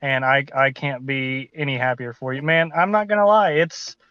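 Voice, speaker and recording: A man's voice: mid-range voice, fairly even intonation, normal speed, clean tone, no echo, dull audio. A man co-hosting a live stream, speaking earnestly in a rambling way with many fillers. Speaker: co-host. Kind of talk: casual chat.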